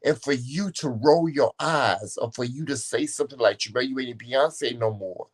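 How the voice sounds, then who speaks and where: A man co-hosting a casual couple's chat show, telling his side with expressive, theatrical storytelling. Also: medium pitch, normal speed. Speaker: co-host.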